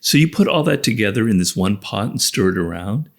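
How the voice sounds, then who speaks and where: American male guest, low and gravelly, reflective and emphatic. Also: lively intonation, fairly quick. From United States. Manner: reflective, builds points with repeated phrases. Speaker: guest author. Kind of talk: conversational interview.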